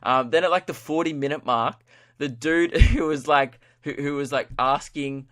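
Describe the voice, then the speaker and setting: A man's voice: on the high side, moderate pace, fairly bright tone. An Australian man with a voice sitting a little above the usual male range, talking straight into a podcast mic. He rants loosely and profanely, telling stories with bursts of laughter. He acts out the people in them as he goes. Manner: laughing, swearing storyteller, acts out quotes. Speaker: podcast host and comedian. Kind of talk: casual comedic rant.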